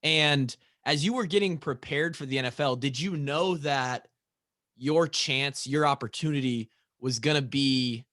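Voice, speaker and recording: A man's voice: mid-range voice, a little slow, a bit bright, no echo. A man with a mid-range voice hosts a podcast, asking long, chatty questions with hyped-up energy. The recording is dry and close, with no room sound. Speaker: podcast host. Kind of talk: casual podcast interview.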